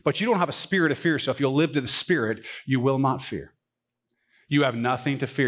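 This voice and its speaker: A man who is a pastor preaching a sermon in a church, swinging from emphatic high points to quiet asides. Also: fairly quick. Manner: animated, rising to emphatic peaks and dropping to quiet asides. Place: church sanctuary.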